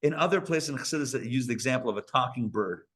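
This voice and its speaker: A rabbi giving a live Torah lecture to an audience at a community center, talking in a conversational way with playful asides to the listeners. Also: male voice, medium pitch, lively intonation, fast talker, fairly bright tone. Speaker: rabbi teaching a class.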